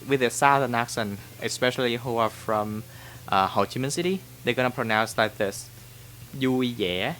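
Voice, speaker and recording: A man's voice: mid-range voice, a bit bright, slight background noise. A man from Vietnam with a Vietnamese accent, speaking English as a language teacher answering viewer questions in a chatty, informal way, often checking in with the viewer. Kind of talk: casual Q&A lesson to camera.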